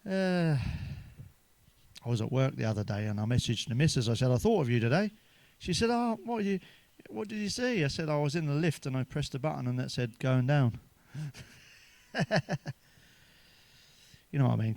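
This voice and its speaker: A man's voice: mid-range voice, lively intonation, normal speed, creaky, long pauses, darkish tone, dry recording. A man telling crude stand-up jokes in a chatty, swearing manner, ending with tag questions. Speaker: stand-up comedian.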